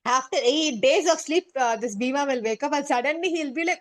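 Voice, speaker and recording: Teacher, woman, high voice, casual story time that keeps checking the class follows. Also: a little fast. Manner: chatty, checks in with "okay?" and "right?".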